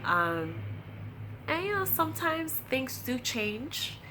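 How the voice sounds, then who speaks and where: A woman's voice: high voice, slow pace, background noise. A woman in her late twenties giving a casual spoken recap of a TV episode, acting out the characters' lines as she retells them. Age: late 20s. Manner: animated retelling, acting out quotes, laughing often. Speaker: TV recap reviewer.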